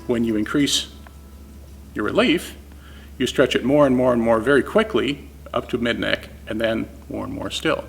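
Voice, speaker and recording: Gravelly-voiced man explaining guitar setup. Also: mid-range voice, normal speed. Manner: casual, explains step by step while demonstrating on a guitar. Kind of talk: informal technical explanation.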